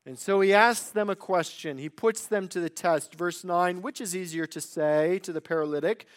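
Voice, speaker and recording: A man preaching a sermon in earnest, swinging between loud emphasis and quiet, drawn-out phrases. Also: high voice.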